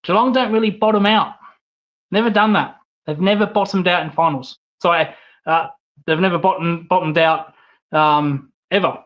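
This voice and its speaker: A young man delivers a casual, opinionated monologue as a fan vlog host. His voice sits slightly high, blunt and peppered with fillers and restarts. The recording is dull and lo-fi. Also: normal speed.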